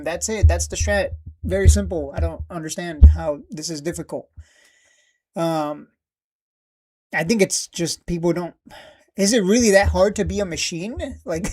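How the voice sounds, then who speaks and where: A man's voice: high voice, mellow. A man hosting a live trading stream, ranting bluntly and with plenty of swearing, repeating himself in exasperation.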